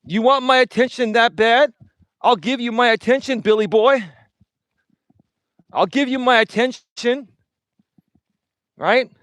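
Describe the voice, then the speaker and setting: Taunting high-voiced male streamer. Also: unhurried, long pauses, fairly bright tone, no echo. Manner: taunting, repeating a rival's name. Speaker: livestream host. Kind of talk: confrontational livestream rant.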